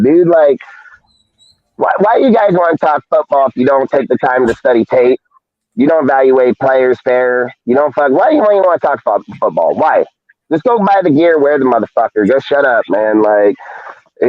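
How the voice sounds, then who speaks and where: A man's voice: medium pitch, no room sound. A man hosting a live fan show, ranting heatedly and swearing constantly. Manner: heated, profane, rapid rants. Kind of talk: ranting live-stream talk. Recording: dull lo-fi stream audio.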